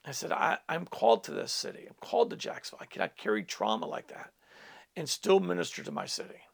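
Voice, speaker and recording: A man's voice: on the high side, big pitch swings, quick pace, gravelly. A middle-aged man, a pastor, telling a personal testimony in a teaching talk, earnest, with asides to his listeners.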